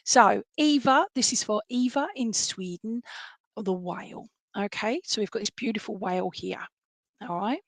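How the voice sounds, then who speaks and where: A woman's voice: medium pitch, normal speed, no echo. A woman psychic medium giving a chatty, rambling live-stream reading, full of fillers and restarts.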